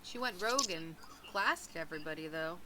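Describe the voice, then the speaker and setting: A woman's voice: fairly low pitch, animated, fairly quick, background noise. A woman playing in a tabletop game, asking curious questions of the game master. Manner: inquisitive, questioning. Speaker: player.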